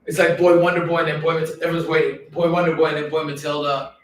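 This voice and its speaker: A man talking in a long, rambling monologue, animated and swearing freely, often slipping into quoted voices. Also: on the high side, fast. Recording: very echoey room, mic at a distance, faint noise.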